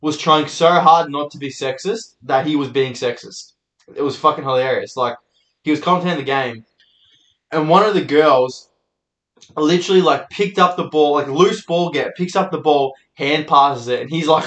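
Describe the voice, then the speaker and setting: A man's voice: fairly high pitch, normal speed, a bit bright, echoey room, rough recording. Sweary young Australian man rambling. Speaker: podcast host and comedian. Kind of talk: solo storytelling monologue.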